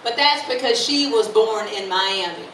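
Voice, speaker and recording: High-voiced woman doing stand-up. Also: a little slow. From Florida, USA. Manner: bubbly, teasing the crowd with questions. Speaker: stand-up comedian. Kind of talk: live stand-up comedy. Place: live stage venue with audience. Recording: echoey live room from far off. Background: audience laughter and room noise.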